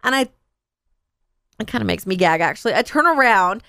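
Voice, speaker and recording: A woman's voice: medium pitch, brisk, vocal fry, no room sound, studio quality. A woman in her thirties telling a funny family story in casual chat, acting out the voices as she goes. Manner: animated, acts out a child's and others' voices in her stories.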